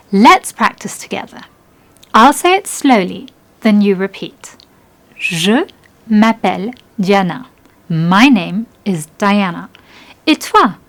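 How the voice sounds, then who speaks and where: A young adult woman presenting a scripted language lesson in an upbeat, encouraging way, slowing down to model phrases. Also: medium pitch. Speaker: French language teacher.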